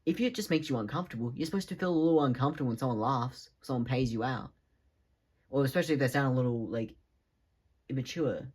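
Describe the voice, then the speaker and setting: A man's voice: mid-range voice, fast, a little mellow, breathy edge. A man, talking in a rambling, casual monologue for his vlog, swearing freely. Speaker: vlogger.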